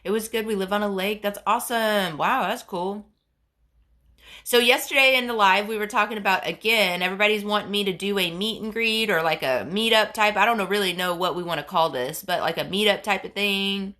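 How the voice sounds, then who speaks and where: Fighting a head cold, this livestream host chats casually with viewers and reads their comments, rambling through stories with plenty of fillers. She speaks a little fast in a medium-pitched voice with a sharp tone.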